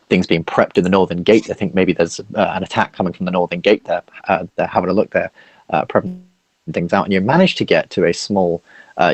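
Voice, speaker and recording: Man running a tabletop game, low voice, dry close sound, halting, lots of fillers. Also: no room sound, rough recording. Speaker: dungeon master.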